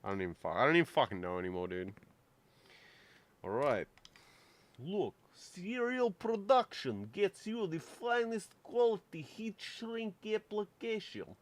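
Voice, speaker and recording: A man's voice: high-pitched, wildly swooping pitch, measured pace. A man hosting a maker livestream, chatting crudely and joking while he solders at his workbench. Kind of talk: casual streaming chat while soldering. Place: home workbench.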